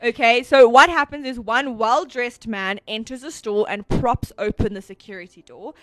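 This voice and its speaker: Woman co-host, animated storyteller, fairly high voice, dry close mic. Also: no echo. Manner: animated storyteller, many fillers and restarts. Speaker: podcast co-host. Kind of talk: casual chat.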